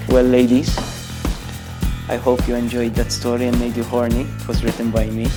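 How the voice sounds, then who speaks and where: A man's voice: medium pitch, completely flat delivery, normal speed, over music. A young man reading a crude comic story aloud, breaking off for mocking asides to the listener. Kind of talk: mock bedtime story reading.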